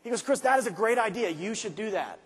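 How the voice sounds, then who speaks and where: A man giving a motivational speech to a large arena crowd, dropping to quiet asides and then shouting his points slowly and hard. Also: high-pitched, animated, slightly rough. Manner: swings from quiet intimate asides to shouted, drawn-out emphasis. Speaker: motivational speaker. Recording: live speech with long hall reverb.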